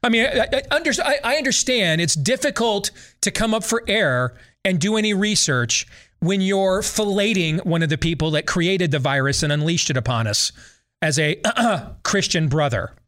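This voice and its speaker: Male podcast host, mocking and opinionated, high lively voice. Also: moderate pace. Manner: sarcastic, animated, mocking repetition.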